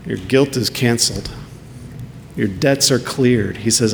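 A man's voice: unhurried, creaky, pauses often. A man preaching a sermon as pastor, earnest and full of rhetorical questions. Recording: long hall reverb with faint rumble.

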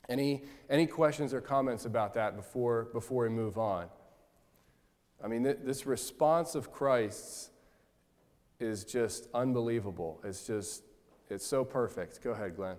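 A man's voice: on the low side, normal speed, darkish tone, long reverb tail. A man leading a Bible study, explaining the text earnestly and inviting questions from the group.

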